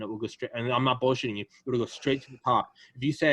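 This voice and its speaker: Animated, profane man on a podcast. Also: medium pitch, fast, hardly any pauses. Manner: animated, profane, acts out quoted people. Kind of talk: casual political chat.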